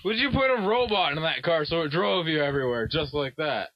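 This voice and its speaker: A young man hosts a fake talk show with a mock-formal manner, calling his guest "sir". His voice sits a little high, and the recording is dull and lo-fi, as if captured inside a parked car. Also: expressive, brisk, dry recording. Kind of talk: improvised comedy sketch. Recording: slightly dull lo-fi sound.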